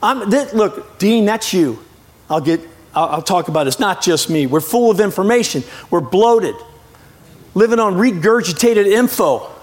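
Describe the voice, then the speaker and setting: A middle-aged man preaching as a guest, lively and joking, often breaking off to apologize to his listeners. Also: high voice, moderate pace. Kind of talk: sermon.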